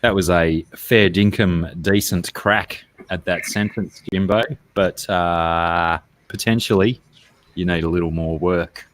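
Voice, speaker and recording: Deep-voiced Australian man chatting. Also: fairly even intonation, a little slow, a little hiss or hum. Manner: easygoing, rambling, self-deprecating. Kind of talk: casual chat.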